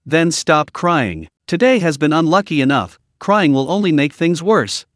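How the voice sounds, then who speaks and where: A man's voice: on the high side, very animated, measured pace, dry recording, studio quality. A man voicing a teenage boy in a storybook recap, curt and scolding toward a younger sister. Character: teenage boy, blunt and protective.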